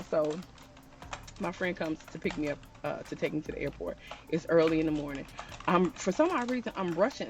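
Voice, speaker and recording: A woman telling a personal story in a chatty storytime style, talking straight to her viewers. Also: deep voice. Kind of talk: casual storytime.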